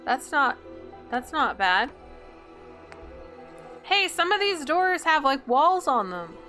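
A woman's voice: high-pitched, sing-song, slow, bright, forceful tone, faint music behind. A woman hosting a gameplay video, chatting and thinking aloud in an indecisive, casual way. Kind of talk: casual let's-play commentary.

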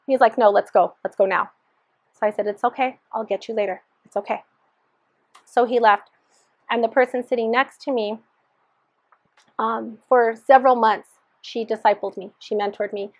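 A woman's voice: fairly high pitch, moderate pace, pauses often, no room sound. A woman sharing her personal testimony in an earnest storytelling manner, re-enacting the dialogue as she recalls it.

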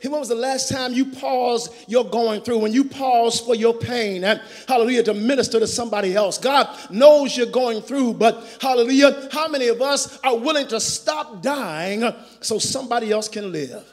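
A man preaching a sermon in call-and-response style, building to shouts. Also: very high-pitched, moderate pace, hardly any pauses. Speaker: pastor. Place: large church sanctuary. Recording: long church reverb.

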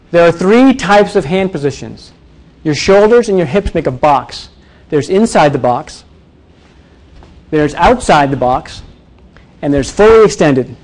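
A man teaching presentation skills to a live audience, energetic and demonstrative, often quizzing the room. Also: fairly high pitch. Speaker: presentation coach. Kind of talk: live workshop talk.

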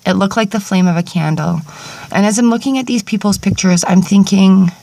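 A woman vlogging outdoors in cold wind at sunrise, recording on a tablet and talking warmly and gratefully to her viewers. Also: mid-range voice, a little fast, gravelly. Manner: gushing, grateful, affectionate to viewers. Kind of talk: casual outdoor vlog talk. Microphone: tablet camera.

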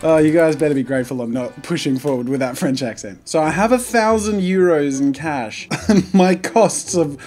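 Male gaming host, upbeat and jokey, slightly high voice, light game music under him. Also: normal speed. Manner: jokey, animated, self-mocking. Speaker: YouTube host. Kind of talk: let's play gaming commentary.

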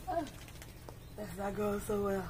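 A woman casually reviewing a dog-washing gadget, chatty and coaxing her dogs in a high sing-song, recorded outdoors in a yard. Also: heavy background noise. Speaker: product reviewer.

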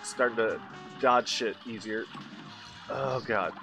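A man commentating his own video game play, muttering and swearing, then yelling in frustration. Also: mid-range voice, slow, music in the background. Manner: swearing, exasperated, mutters under breath then yells in frustration. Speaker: gaming channel host.

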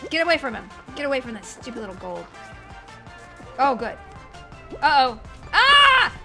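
A woman's voice: a little high, normal speed, creaky, soft background music. A woman live-streaming a video game, chatting casually and yelping and swearing at what happens on screen. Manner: excitable, yelps and swears at the game.

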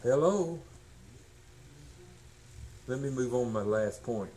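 A man preaching a sermon, folksy and emphatic, swinging from shouts to low tones. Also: unhurried, long pauses, slight background noise, rough recording. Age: 60s.

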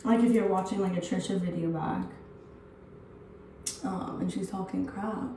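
A woman in her early twenties chats bluntly, swearing and rambling as she gets ready at home for her get-ready-with-me vlog. She speaks at normal speed with medium pitch, a dark tone and fairly even intonation. There is a little hiss or hum, and the distant mic sounds echoey.

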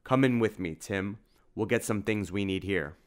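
Man reading as a noble vampire hunter, formal, commanding, lowish voice. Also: moderate pace, natural voice. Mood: earnest. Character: noble, earnest adult male vampire hunter.

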